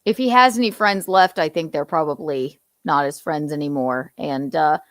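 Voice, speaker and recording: A woman's voice: sits low, normal speed, fairly bright tone, dry recording, clean studio sound. A woman hosting a podcast in casual chat, talking bluntly with heavy swearing. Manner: blunt, profane and heated. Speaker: podcast host.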